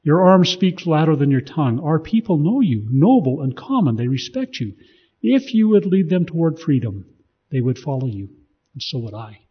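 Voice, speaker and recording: Guy reading out a fiery rebel leader, rousing and declaiming, loud, higher, husky, dull recording. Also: sing-song, moderate pace. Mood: fervent. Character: defiant rebel leader rousing his men.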